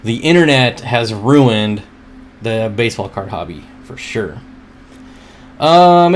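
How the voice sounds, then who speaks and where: Male stream host, mid-pitched and casual, chatty and joking, home setup. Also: a little hiss or hum. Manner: rambling and chatty, often laughs at his own jokes; reads viewer comments aloud and answers them. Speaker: livestream host. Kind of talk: casual livestream chat.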